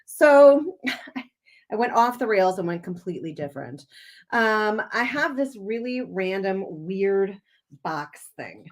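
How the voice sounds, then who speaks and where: A woman's voice: medium pitch, very animated, slow pace. A woman from Wisconsin hosting a casual crafting livestream from home, chatting and giggling as she greets viewers by name.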